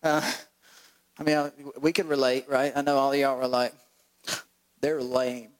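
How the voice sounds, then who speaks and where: A male pastor preaching a sermon, animated and acting out voices with laughs. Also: medium pitch, brisk, clear, resonant tone, rough recording.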